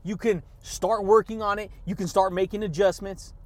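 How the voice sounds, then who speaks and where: A man hosting a motivational podcast monologue, hyped and energetic, laughing often and shouting catchphrases. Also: high voice, moderate pace. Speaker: podcast host.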